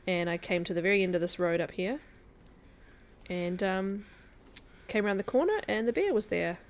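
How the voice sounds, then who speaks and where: As a guest streamer playing a survival game, a woman chats casually and laughs often. Her voice is medium-pitched with lively intonation, at a moderate pace.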